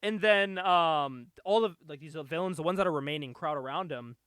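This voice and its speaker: High-voiced man recapping a comic. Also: brisk, smooth, no room sound, studio quality. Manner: animated, laughs often, acts out dialogue. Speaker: podcast host. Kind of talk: casual comic book recap.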